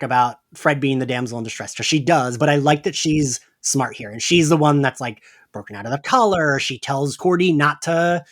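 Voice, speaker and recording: Man, podcast co-host, casual chat, slightly high voice, very lively pitch. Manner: chatty, acts out quoted lines.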